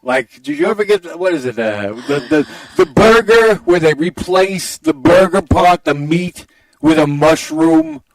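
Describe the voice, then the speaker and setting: Doing a lewd, bragging villain in a gravelly put-on drawl, a man improvises for a comedy podcast as a hybrid of a president and a masked comic-book brute. The mood is crude boasting, delivered in a high-pitched, sing-song, unhurried, exaggerated voice.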